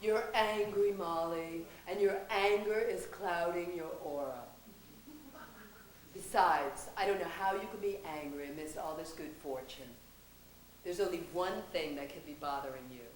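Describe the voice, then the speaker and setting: A woman playing a calm, blunt New Age male friend who teases and coaches, in a stage comedy. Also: lowish voice, measured pace, reverberant, close to an everyday voice, rough recording. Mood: teasing. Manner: soothing, wry, blunt.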